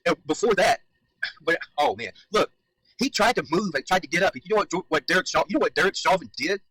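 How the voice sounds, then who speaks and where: Male commentator, fired up and emphatic, a touch higher-pitched, swears freely. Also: fast, vocal fry, sharp tone, no echo, rough recording. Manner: heated, emphatic, repeats points, swears. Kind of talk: reaction commentary.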